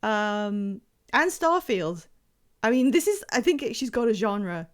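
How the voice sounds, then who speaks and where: A woman's voice: fairly high pitch, big pitch swings, slow. A woman streaming a video game, chatting casually in a rambling, self-deprecating way that trails off mid-thought. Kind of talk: casual live gameplay commentary.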